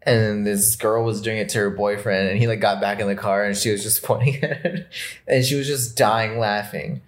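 A young podcast co-host chatting casually, rambling with many fillers and loudly acting out the people in stories, recorded in a small room. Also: mid-range voice, steady tone, normal speed. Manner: rambling, heavy use of "like", acts out quoted people loudly. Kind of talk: casual chat.

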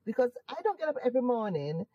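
Lively Jamaican woman, laughing and animated. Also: on the high side, quick pace, no echo, dull audio. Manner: animated, laughs often, emphatic and upbeat. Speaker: interview guest. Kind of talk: casual conversational interview.

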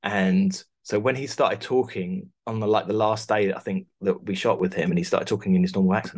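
Guy chatting about his design work, lowish voice, lots of restarts and laughing. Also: fairly even intonation, brisk, few pauses, a little mellow. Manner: rambling, many restarts, laughs through stories. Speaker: costume designer, guest. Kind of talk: casual interview chat.

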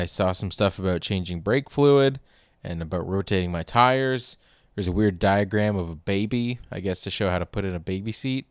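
A man's voice: lowish voice, smooth, no room sound, studio quality. A young man hosting a podcast, telling a rambling comedic story in an exasperated way with casual swearing. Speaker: podcast host.

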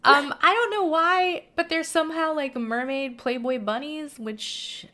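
A woman's voice: high-pitched, measured pace, bright, forceful tone. A woman casually recapping a film's plot with amused asides, laughing often. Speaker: podcast co-host. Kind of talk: casual film discussion.

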